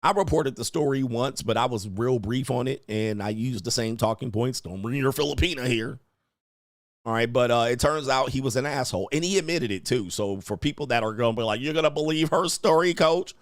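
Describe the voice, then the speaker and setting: Brisk and medium in pitch, a man hosts a casual commentary stream on a dry, clean studio recording. He's a brash, profane podcast host who chuckles a lot and habitually ends lines with "all right?"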